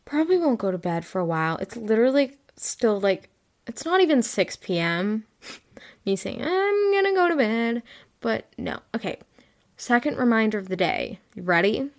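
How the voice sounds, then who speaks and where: A woman's voice: medium pitch, animated, normal speed. Tired teen girl rambling on her podcast, says like a lot, kinda jokey about herself, normal mid voice. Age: late teens. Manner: chatty, rambling, heavy use of "like"; frank and self-mocking. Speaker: podcast host. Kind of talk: casual solo podcast chat.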